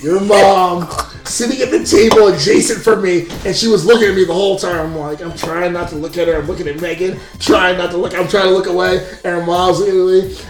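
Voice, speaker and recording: A young man co-hosting a casual chat, laughing at himself as he tells an animated story. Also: sits high, brisk. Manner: animated, self-mocking storyteller who laughs often. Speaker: podcast co-host. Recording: echoey room with music behind.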